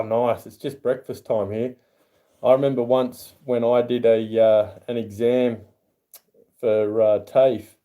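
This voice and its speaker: An Australian man hosting a casual livestream, chatting and reading chat aloud. He greets viewers in a raised, higher voice. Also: mellow. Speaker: livestream host.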